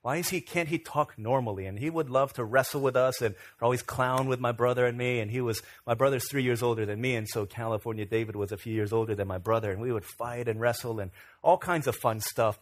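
A middle-aged man from Virginia, a pastor telling stories in a relaxed, self-deprecating way during a sermon. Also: mid-range voice, fairly quick. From Virginia, USA. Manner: conversational, self-deprecating storyteller. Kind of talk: storytelling sermon.

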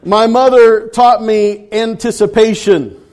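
Man pastor kidding with his church, kinda high voice, easygoing sermon. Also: steady tone, slow, a little mellow. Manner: playful, teasing, loose with restarts. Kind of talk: casual joking sermon.

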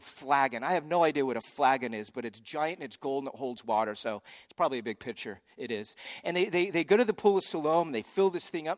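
Animated man preaching a sermon. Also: a little high, no echo. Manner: animated, storytelling preacher with frequent restarts. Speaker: pastor.

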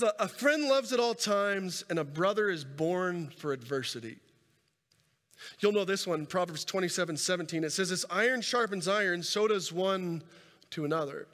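A man preaching a sermon and telling a scripture story with animated delivery, swinging between loud and soft and repeating words as he goes. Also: high voice, normal speed. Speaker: pastor. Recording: reverberant hall sound.

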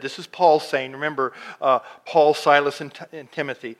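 A man preaching a sermon as pastor, reading scripture slowly and swinging from loud emphatic lines to hushed ones. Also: mid-range voice, fairly even intonation.

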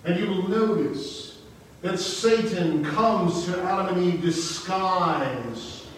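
A man preaching a sermon through a face mask, slow, deliberate and emphatic, stretching his key words. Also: high voice. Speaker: pastor. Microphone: speaking through a face mask. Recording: echoey hall, distant mic, hiss.

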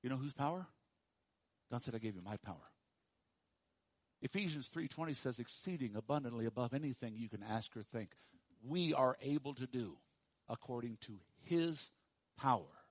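A pastor preaching a sermon to his congregation, dropping to hushed, slow emphasis and rising to loud, high calls for the room to repeat after him. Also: animated, dry recording. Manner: swings from hushed low emphasis to loud high call-and-response.

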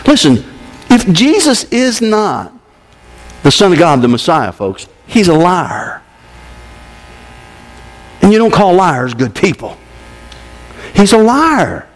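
A man preaching a sermon to a congregation, emphatic, with sudden swings between loud and hushed delivery. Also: a little high, huge pitch swings, a little slow, long pauses. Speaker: pastor. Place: church service.

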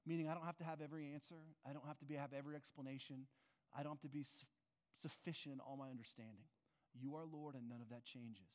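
A man's voice: mid-range voice, fairly even intonation, quick pace, darkish tone. A man preaching a sermon as pastor, earnest and conversational, often asking his listeners questions. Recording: long reverb of a large hall.

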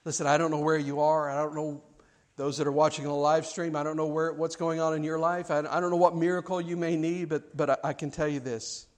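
A man preaching a sermon, telling a story with rising excitement and then praying in a hushed, slow voice to a church that is also live streamed. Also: fairly high pitch. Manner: animated storyteller, rising loud in the tale, hushed and slow in prayer. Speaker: pastor.

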